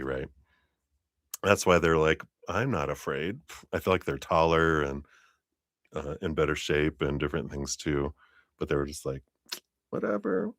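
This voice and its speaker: Tarot streamer, man, deep unhurried delivery, rambling with lots of ums and chuckles. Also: a bit bright, dry recording, clean studio sound. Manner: rambling, hesitant storytelling with many fillers and laughs. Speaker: tarot reader. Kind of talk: live-streamed tarot reading.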